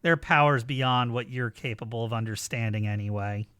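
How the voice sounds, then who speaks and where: A man's voice: mid-range voice, normal speed, pushed and bright, clear, resonant tone, dry recording, close to an everyday voice. A man doing a smug, taunting henchman. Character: cocky male henchman of a dark lord.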